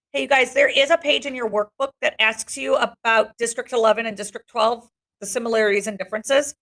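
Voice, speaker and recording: Creaky-voiced woman teacher reading aloud. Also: a little high, fairly even intonation, a little fast, a bit bright. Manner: chatty asides between passages. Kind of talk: reading a novel aloud to students.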